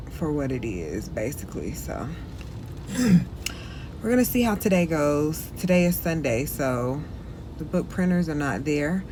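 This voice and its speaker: A woman vlogging outdoors on city streets, frank and irritated, hot and out of breath from walking. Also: deep voice. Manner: frank, irritated venting, then motivational. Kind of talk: casual vlog talk to camera. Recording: street noise under the voice. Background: street and traffic noise.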